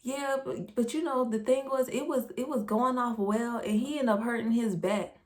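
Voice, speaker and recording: A woman mimicking a nonchalant young woman, voice lifted a few notes higher and dropped softer than her own. She talks in a casual, dismissive way, shrugging everything off. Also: normal speed, close to an everyday voice. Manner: casual, dismissive, soft-spoken.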